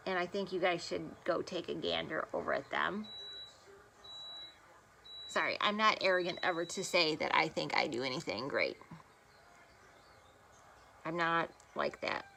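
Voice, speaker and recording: A beauty vlogger with a lowish, bright, forceful voice and vocal fry chats casually through a makeup tutorial, filmed on her phone camera in a room at home. She rambles and is self-deprecating, with slight background noise audible.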